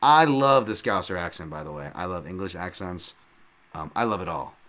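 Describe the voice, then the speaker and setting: A man with a fairly low voice hosts a podcast and talks through fight bets in a loose, off-the-cuff way. He rambles, restarts his sentences, leans on fillers and swears casually. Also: lively intonation, normal speed, a bit bright. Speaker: podcast host. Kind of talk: casual fight-betting breakdown.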